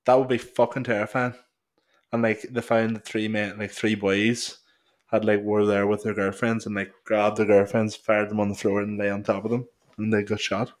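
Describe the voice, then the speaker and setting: Low-voiced Northern Irish young man. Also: little pitch movement, normal speed. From Northern Ireland. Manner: rambling, swearing, full of "like". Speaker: podcast co-host. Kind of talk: casual chat. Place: small home studio.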